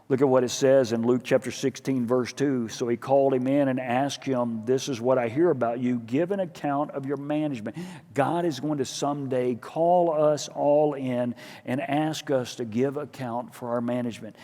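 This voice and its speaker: A man preaching a sermon as pastor, telling a story with lively acted-out dialogue. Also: medium pitch, normal speed. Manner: animated storytelling, acting out dialogue in his own voice. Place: church sanctuary. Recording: church hall with long reverb.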